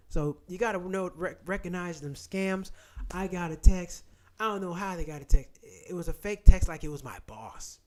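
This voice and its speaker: A man's voice: sits high, a little fast. A man hosting a casual livestream, talking bluntly and with lots of profanity. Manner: blunt, profane, animated storytelling. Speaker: channel host.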